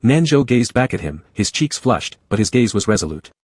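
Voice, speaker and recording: A man giving an even, unhurried scripted narration of a romance story. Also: medium pitch, breathy edge, no room sound.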